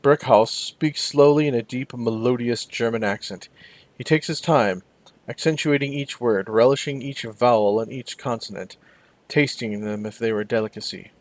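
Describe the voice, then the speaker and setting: A man's voice: mid-range voice, normal speed, no room sound. A man hosting a let's play, reading the game's narration aloud with wry asides.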